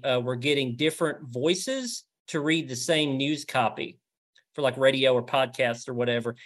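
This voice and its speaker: A man's voice: medium pitch, a bit bright. A man with a Southern US accent, a reporter talking as a guest in a casual interview, with a lot of restarts and fillers. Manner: stammering, lots of restarts and fillers.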